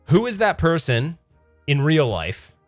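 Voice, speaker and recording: With soft background music playing, a pinball streamer hosts a casual livestream, chatting with his viewers while rambling and self-correcting. His fairly high voice is very animated but keeps a measured pace.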